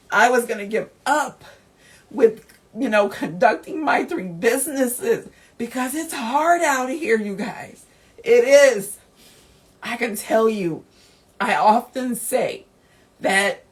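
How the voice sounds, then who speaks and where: A woman hosting a motivational podcast, speaking straight to her listeners in an encouraging, heartfelt way. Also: a little high. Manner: emotional, laughing through tears. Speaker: podcast host.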